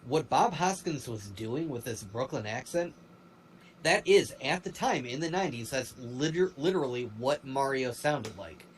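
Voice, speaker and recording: A man co-hosting a livestream in casual chat, rambling and animated, with many fillers and restarts. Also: mid-range voice, normal speed, slight background noise, rough recording. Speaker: stream co-host.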